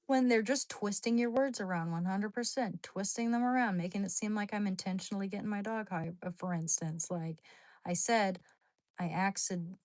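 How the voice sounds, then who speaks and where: Rambling, slangy woman livestreamer. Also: dry recording. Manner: rambling and animated, slangy, with sudden high squeals. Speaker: livestream host. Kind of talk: casual chat with viewers.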